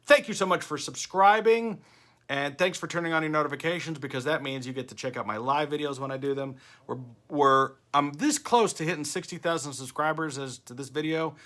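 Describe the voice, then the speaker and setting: Older male vlogger with a bright, forceful tone, chatty and animated. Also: on the high side, fairly quick. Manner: chatty, animated storytelling with quoted voices. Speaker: vlogger host. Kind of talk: casual talking-head vlog.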